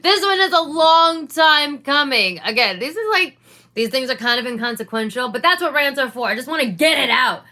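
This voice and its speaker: A woman comedian ranting in an exasperated, profane, animated way straight to camera. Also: sits high, moderate pace. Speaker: comedian and sketch creator. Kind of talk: profane rant vlog.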